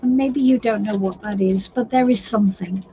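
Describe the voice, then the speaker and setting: A woman with a medium-pitched, dark-toned voice gives a live tarot reading to her viewers at a normal pace. She's chatty and sympathetic and often restarts her sentences. The stream audio is slightly dull and lo-fi, with faint noise.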